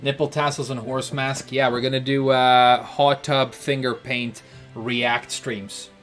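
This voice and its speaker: A man from Britain with a British accent, a streamer chatting casually with viewers while playing, rambling and joking with frequent pauses. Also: mid-range voice, flat delivery, fairly bright tone, soft background music. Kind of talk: casual chat answering viewers while gaming.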